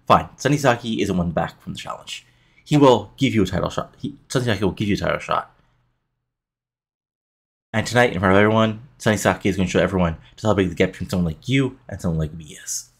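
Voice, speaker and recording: A cocky male wrestling champion, as a man puts him on in a game playthrough, boasting about himself in the third person. His voice sits low and his delivery is quick. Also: creaky, slightly rough, full character voice. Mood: boastful.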